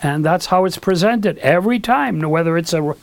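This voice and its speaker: Animated older man telling stories. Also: high-pitched, normal speed, vocal fry, no room sound. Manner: animated, acts out quoted dialogue; rambling with restarts and asides. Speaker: guest, recording engineer. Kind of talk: storytelling in an interview.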